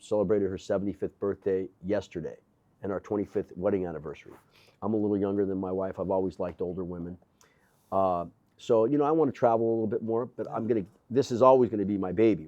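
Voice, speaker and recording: An older man, a gym owner, telling animated stories in casual conversation with quoted dialogue and blunt, profane language. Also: on the low side, highs cut off. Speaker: gym owner, interview guest. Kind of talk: casual storytelling. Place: gym office.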